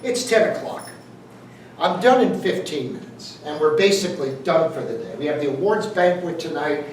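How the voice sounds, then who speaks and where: A man's voice: fairly high pitch, animated, moderate pace, a little hiss or hum. A man giving a jokey, conversational motivational speech to a live audience, quizzing the crowd as he goes. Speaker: motivational speaker. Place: event hall with audience. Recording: echoey room, distant mic.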